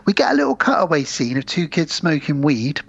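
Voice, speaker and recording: A man's voice: fairly high pitch, fairly quick, a bit bright, breathy edge, muffled recording. A man co-hosting a podcast, retelling a film scene by scene in casual chat and acting out the characters' lines. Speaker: podcast co-host.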